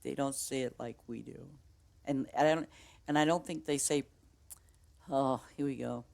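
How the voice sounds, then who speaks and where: Low-voiced Boston woman, rambling chat. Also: steady tone, moderate pace, gravelly, a little mellow. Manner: rambling, chatty, laughs easily. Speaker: game streamer. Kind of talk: casual chat with stream viewers.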